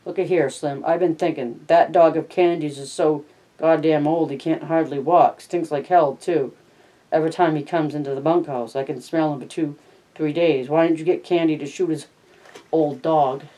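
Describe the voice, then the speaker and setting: A blunt, crude ranch hand in a plain read-aloud, as a reader puts him on. He complains in a rough, matter-of-fact way and swears freely. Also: medium pitch, fairly even intonation, normal speed, dark tone, close to an everyday voice, poor audio.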